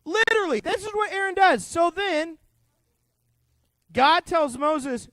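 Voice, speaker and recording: A youth pastor talking to middle schoolers, lively and chatty, acting out the characters and questioning the room. His voice sits high for a man, and the sound is dry and close. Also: takes it slowly, long pauses, no echo. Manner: animated, conversational, acts out characters, asks the group questions. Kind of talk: youth group Bible teaching.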